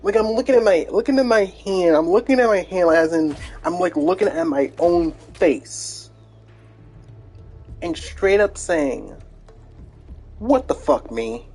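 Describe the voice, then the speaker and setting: A man's voice: high voice, measured pace, a little mellow, faint music behind. A man streaming a video game, rambling in casual chat with many restarts and fillers.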